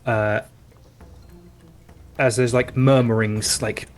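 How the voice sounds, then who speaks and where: A man narrating as game master of a tabletop game, who pauses often as he searches for the words to describe each scene. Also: medium pitch, little pitch movement, soft background music.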